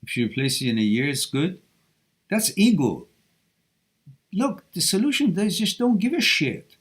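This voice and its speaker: A man hosts a live Q&A stream giving relationship advice, reading viewer questions aloud and answering with blunt, animated tough love. His voice sits high, and he speaks at a moderate pace.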